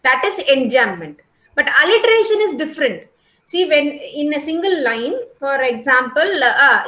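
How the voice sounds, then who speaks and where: High-voiced woman lecturing online. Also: bright, forceful tone, reverberant, low-quality recording. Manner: explains patiently, repeats points, asks "okay?" and "got it?" often. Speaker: college English lecturer. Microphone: video call.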